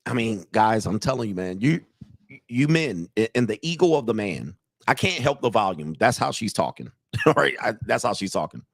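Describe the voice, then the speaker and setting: Older guy coach ranting, gravelly voice, dry close sound, cocky and cussing. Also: on the low side, big pitch swings, moderate pace, dry recording. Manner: blunt, profane, swaggering. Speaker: dating coach reacting to videos. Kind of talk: casual reaction commentary.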